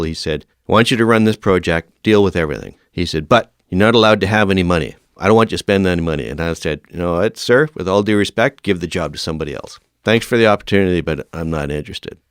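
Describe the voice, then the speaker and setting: A man's voice: low voice, quick pace, few pauses, clear, resonant tone, no echo, studio quality. A man in his fifties, a veteran firefighter and podcast guest, telling stories in a casual interview and acting out the dialogue. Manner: lively storyteller who acts out quoted dialogue.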